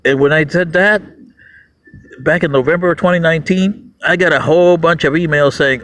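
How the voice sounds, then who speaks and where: A man's voice: a little fast, a bit bright, rough recording. A man hosting his own channel, delivering a mocking, ranting monologue and laughing at his audience. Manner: mocking, laughs at the audience, swings pitch widely. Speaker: YouTube channel host.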